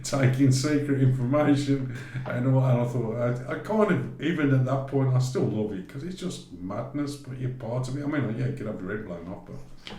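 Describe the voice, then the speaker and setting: With hardly any pauses, this man speaks at a moderate pace in a mid-range voice, the roomy echo joined by a little hiss or hum. A podcast guest from Great Barr, England, he tells a casual travel anecdote, animatedly voicing both sides of the conversations.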